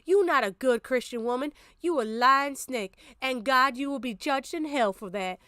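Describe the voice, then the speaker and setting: A sugary, sanctimonious Southern church lady, as a woman puts her on in a put-on mock Southern drawl. She scolds with syrupy condescension, her voice sitting high and soft with a close, dry sound. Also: moderate pace, clear, resonant tone, no room sound. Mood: sugary scolding. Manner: sweetly condescending, preachy.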